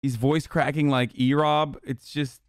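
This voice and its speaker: Brief: young male streamer, high voice, dry close mic, swears freely, excitable rants. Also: a little slow, clear, resonant tone, no room sound. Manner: profane, excitable, rants and acts out outbursts. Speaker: streamer reacting to a documentary. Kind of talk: casual reaction commentary.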